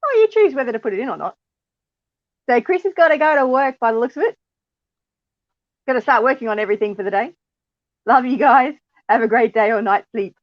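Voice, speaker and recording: A woman hosting a casual online chat, with a high voice and a chatty, giggly manner. The sound is dry and close. The audio is slightly dull, like a lo-fi call. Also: lively intonation, a little fast, pauses often, no echo. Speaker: channel host.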